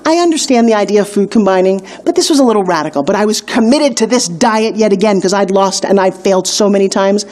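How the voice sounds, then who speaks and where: A middle-aged woman delivers an energetic, emphatic lesson for a weight-loss course, weaving in stories and brief asides. Her voice falls in the mid range with a somewhat dark tone.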